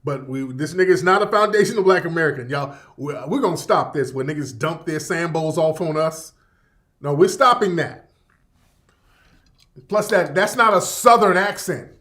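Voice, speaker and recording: High-voiced man hosting an unfiltered livestream. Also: normal speed, a bit bright. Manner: rambling, profane, repetitive, reacting to chat. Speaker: radio show host. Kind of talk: casual livestream commentary.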